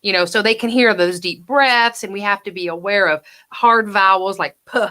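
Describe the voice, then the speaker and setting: A woman giving an actor feedback over a video call, chatty, now and then acting out lines in a hush. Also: mid-range voice, moderate pace. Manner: coaching, chatty, acts out lines in hushed whispers. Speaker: judge and acting coach.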